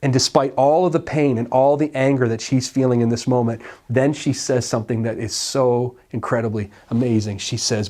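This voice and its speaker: Pastor guy preaching, acts out the bible story voices, mid pitch, church service. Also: normal speed, few pauses. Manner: animated storytelling, acts out dialogue. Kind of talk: sermon. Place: church sanctuary.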